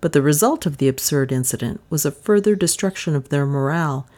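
A woman's voice: sits low, lively intonation, a little fast, a little mellow. A woman narrating an audiobook with dramatic, suspenseful expression.

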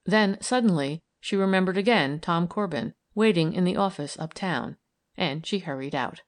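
A woman narrating a novel in a measured, even storytelling manner. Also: on the low side. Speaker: audiobook reader. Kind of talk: scripted narration.

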